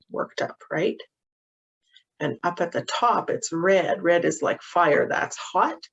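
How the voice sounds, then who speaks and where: Slow, gentle woman educator. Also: fairly low pitch, creaky. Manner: slow, gentle and patient, with frequent ums. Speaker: early childhood practitioner. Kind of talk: instructional walkthrough of a calming activity. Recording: dull, muffled audio.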